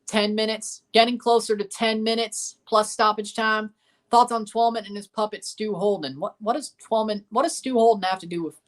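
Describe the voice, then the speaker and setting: A man's voice: high voice, fairly even intonation, moderate pace, fairly bright tone. A man hosting a livestream watchalong, reacting to a soccer match and answering chat in a blunt, opinionated way that circles back over the same points. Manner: opinionated, blunt, repeats himself. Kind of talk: casual live match reaction and chat replies.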